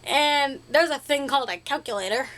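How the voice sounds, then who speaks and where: Young woman, high-pitched, bright sharp tone, casual vlog, rambling, silly, self-mocking. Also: moderate pace. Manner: chatty, silly, self-deprecating, playful made-up words. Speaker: vlogger.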